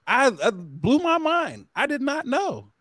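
A man's voice: a little slow, dry recording, studio quality. A man co-hosting a podcast in casual chat, telling stories animatedly and acting out quotes. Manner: animated storytelling, acts out quotes in a high voice. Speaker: podcast co-host.

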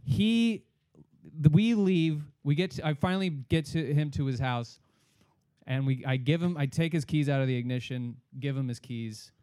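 Young man, comedian, animated storytelling, slightly high voice, dry close sound. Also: moderate pace, dry recording. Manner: animated, acts out other people's voices, swears a lot. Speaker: stand-up comedian. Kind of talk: casual storytelling on a comedy podcast.

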